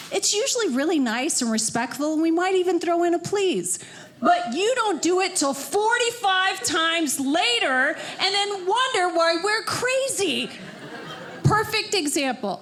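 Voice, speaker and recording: Woman stand-up comedian, high voice, unhurried delivery, crowd work, club stage mic, faint background noise. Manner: animated crowd work with loud outbursts.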